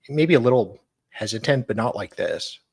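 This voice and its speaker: A man's voice: medium pitch, expressive, brisk, vocal fry, darkish tone, slightly rough. A man in a casual livestream chat who mostly chimes in with short, agreeable replies.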